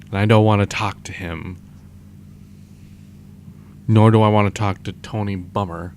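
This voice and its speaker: Gravelly, downcast young man. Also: on the low side, steady tone, a little mellow, slight background noise. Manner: downcast, halting, self-deprecating. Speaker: vlogger. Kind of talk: confessional audio diary.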